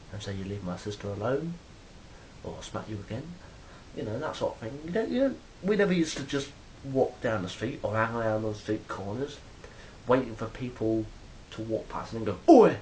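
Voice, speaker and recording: A man's voice: mid-range voice, slight background noise, poor audio. A man telling stories in a rambling, casual monologue to a phone camera, swearing freely. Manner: rambling, swears freely, acts out quoted exchanges loudly. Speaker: vlogger.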